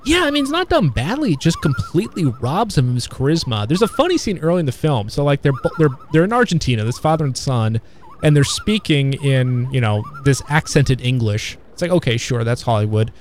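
A man in casual conversation about old films, talking in a halting, rambling way with many fillers and restarts. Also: fairly high pitch, huge pitch swings, slight background noise. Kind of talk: casual film discussion.

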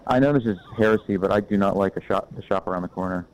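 A man's voice: low-pitched, fast talker, darkish tone, slight background noise, low-quality recording. A man in casual film chat, giving blunt, opinionated takes.

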